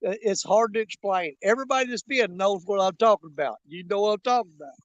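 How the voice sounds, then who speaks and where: High-voiced folksy man. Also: fast talker, dull audio. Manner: rambling, folksy, jokey, with frequent fillers. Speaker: fishing channel host. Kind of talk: casual live-stream chat to viewers. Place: outdoors by a river.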